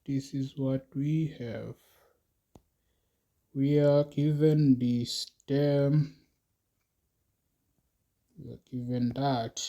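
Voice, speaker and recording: A man teaching a math lesson, talking slowly and thinking aloud as he works through a problem with his students. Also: mid-range voice, fairly even intonation, vocal fry, dark tone, highs cut off. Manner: slow, musing, talks to students as he works.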